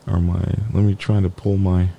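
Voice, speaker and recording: A man's voice: sits low, flat delivery, moderate pace, gravelly, highs cut off, slight background noise. A man hosting a casual biker news live stream, rambling and joking while dealing with his dog and computer trouble. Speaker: biker news show host.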